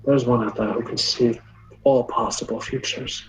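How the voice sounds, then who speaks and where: A man voicing a mysterious, heavily tattooed fortune-teller witch in a tabletop game, speaking slowly and knowingly. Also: mid-range voice, fairly even intonation, slight background noise, lightly acted, low-quality recording. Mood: cryptic. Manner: slow, deliberate, knowing.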